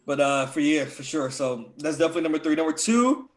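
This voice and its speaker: A young man in easy podcast banter, talking loosely with lots of "like" and "dog". His voice sits a little high for a man, and he sounds keen on what he is saying. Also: expressive, quick pace. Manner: loose, filler-heavy, enthusiastic about music. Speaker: podcast co-host. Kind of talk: casual chat.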